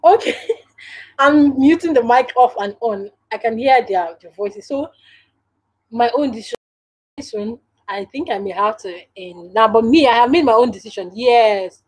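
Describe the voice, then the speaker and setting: A woman's voice: on the high side, animated, moderate pace, rough recording. A woman with a Nigerian English accent hosting a casual live stream from home, chatting directly to viewers and laughing often.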